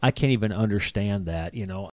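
A man's voice: on the low side, no room sound. A man co-hosting a casual faith podcast, speaking in a reflective, heartfelt way. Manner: reflective, heartfelt, with quick asides.

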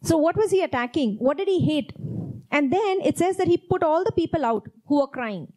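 A woman's voice: sits high, animated, normal speed, warm tone, low-quality recording. A woman preaching a sermon, reading Bible verses aloud and repeating key phrases with earnest emphasis. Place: church.

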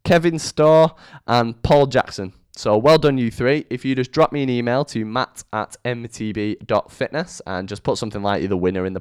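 A young man hosting his own podcast, chatting casually with a rambling, lively intonation into a microphone. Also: medium pitch, clear, resonant tone, no echo, studio quality. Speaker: podcast host. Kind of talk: casual solo podcast monologue. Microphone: studio microphone.

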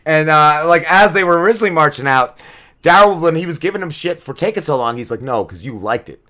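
A man hosting a podcast, recapping a TV episode in a rambling, profane, casual way with plenty of filler words. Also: a little high. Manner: animated retelling with quick drops in energy. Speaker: podcast host.

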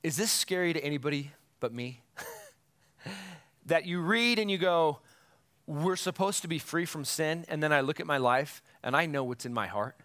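A man's voice: on the high side, lively intonation, normal speed, bright, forceful tone, smooth. A male pastor preaching a sermon in an earnest, emphatic and self-deprecating way.

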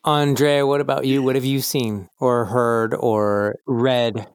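A man's voice: medium pitch, little pitch movement, takes it slowly, smooth, no room sound, studio quality. A man co-hosting a podcast, asking guests questions in a playful, teasing way. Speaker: podcast co-host. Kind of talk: casual interview chat.

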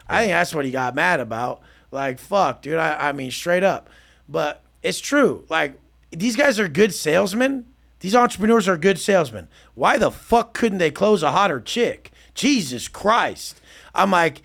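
A man's voice: high-pitched, lively intonation, measured pace, creaky, fairly bright tone. A man speaking as a podcast guest, in a blunt, intense and profane casual style. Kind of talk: casual talk.

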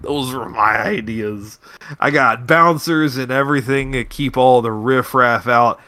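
A man's voice: medium pitch, a little slow, sharp tone, no echo. A man voicing a tipsy young noblewoman who slurs her words. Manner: slurring. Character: tipsy young noble woman, giggly and brash.

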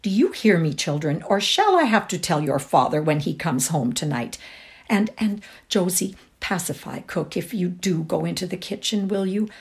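A woman voicing a fussy, flustered upper-class mother who gives brisk orders in a raised voice. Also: fairly low pitch, expressive. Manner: dreamy and vague, then brisk and commanding.

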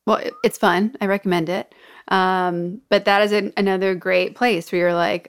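A woman's voice: medium pitch, steady tone, normal speed, clear, resonant tone. A woman hosting a podcast, chatty and encouraging in easy conversation. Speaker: podcast host. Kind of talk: casual chat.

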